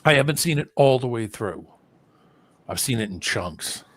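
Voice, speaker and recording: A man chatting as a guest on a video call, telling rambling stories with halting restarts. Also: medium pitch, animated. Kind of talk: casual chat.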